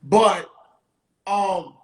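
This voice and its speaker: A man's voice: high voice, very slow. A man hosting a casual conversation, speaking in an emphatic, affirming way. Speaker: host.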